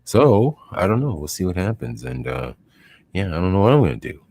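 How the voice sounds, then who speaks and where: Deep-voiced man hosting a laid-back stream. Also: big pitch swings, fairly quick, vocal fry, a little mellow. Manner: rambling, chuckling, quotes dogs in silly voices. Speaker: livestream host. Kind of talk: casual chat.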